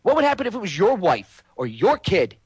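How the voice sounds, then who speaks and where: A man's voice: high-pitched, huge pitch swings, a little fast, breathy edge, no room sound. A man hosting a show, delivering an angry, profane political rant. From United States. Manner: angry, shouting, profane and preachy. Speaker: host.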